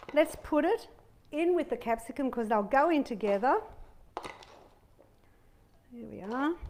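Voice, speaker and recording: Speaking in a high, slightly mellow voice, a middle-aged woman runs a casual cooking demo in her home kitchen, cheerfully talking to viewers as she chops and fries. The recording carries a faint hiss or hum, with a pan sizzling and clicks from the kitchen behind her.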